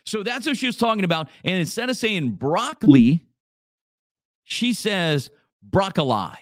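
Man, radio host, rambling casual chat, fairly high voice. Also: animated, a little fast, a bit bright, dry recording, studio quality. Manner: rambling, jokey, repeats himself.

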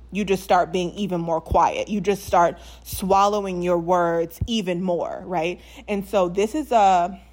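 A young woman from New Orleans with no local accent, chatting casually to camera in a life update, animated, with lots of fillers and frequent laughs. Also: lowish voice. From New Orleans, USA. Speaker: vlogger.

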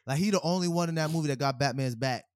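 A man co-hosting a podcast in casual chat, an animated storyteller who acts out quotes and laughs a lot. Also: fairly high pitch, rapid-fire, no echo, studio quality. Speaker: podcast co-host.

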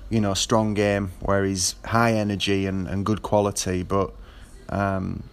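Casting note: man, fairly low voice, casual rambling monologue, lots of ums and restarts. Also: flat delivery, measured pace, clean tone. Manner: rambling, with frequent fillers and restarts. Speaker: football fan.

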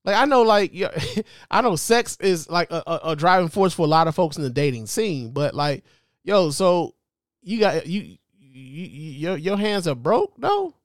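A man in his forties hosting a show, giving animated, joking commentary full of profanity. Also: fairly high pitch, normal speed, no echo, clean studio sound. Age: 40s. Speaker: host. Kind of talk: casual commentary.

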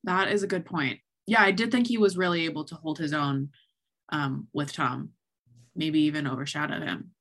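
Low-voiced woman laughing on a podcast. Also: moderate pace, a bit bright. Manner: laughs often, many fillers. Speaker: podcast co-host. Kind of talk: casual chat.

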